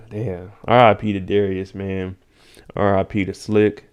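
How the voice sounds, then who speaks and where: A man's voice: little pitch movement, slow pace, clear, resonant tone, lo-fi sound. A man casually recapping a TV episode on a live stream, using slang, answering chat by name and acting out scenes. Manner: laid-back slang, reads chat names, acts out scenes in high voices.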